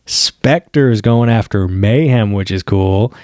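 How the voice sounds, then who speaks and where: Excited man rambling through a review. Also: fairly low pitch, takes it slowly, no room sound, clean studio sound. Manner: excited, rambling, with slang and swearing. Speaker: TV episode reviewer. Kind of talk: casual spoken review.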